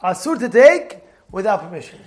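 Male Torah teacher with a high voice, animated and laughing, repeats himself a lot, casual class. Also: moderate pace. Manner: animated storyteller, repeats words, laughs often.

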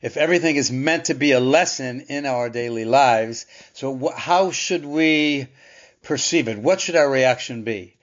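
A man's voice: mid-range voice, measured pace. A man teaching a Torah lesson in a conversational, thoughtful way, asking rhetorical questions and restarting phrases. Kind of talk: Torah class. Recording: dull lo-fi sound.

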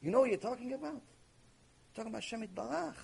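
High husky guy giving a heated mussar shiur, voice jumps all over. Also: expressive, quick pace, darkish tone, a little hiss or hum, low-quality recording. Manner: impassioned, rebuking, mixes Hebrew terms into English. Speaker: rabbi teaching Mussar. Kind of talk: Torah lecture.

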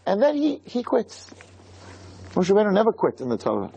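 A man's voice: high-pitched, huge pitch swings, a little fast, vocal fry, long pauses, mellow, breathy edge, rough recording. A man giving a Torah lecture, emphatic and full of rhetorical questions.

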